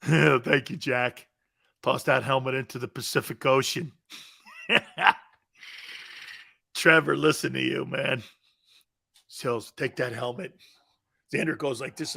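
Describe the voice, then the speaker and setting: A middle-aged American man hosting casual live sports talk, animated and laughing, reading out viewer comments. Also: medium pitch, slow, vocal fry, pauses often, husky. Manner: animated, loud bursts, laughs a lot.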